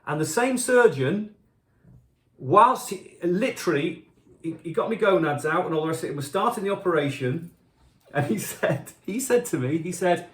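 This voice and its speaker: A man's voice: sits high, lively intonation, moderate pace, fairly bright tone, roomy sound. A middle-aged man, a musician casually telling self-deprecating stories while answering fan questions. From Yorkshire, England. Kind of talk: casual anecdotal storytelling. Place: home kitchen.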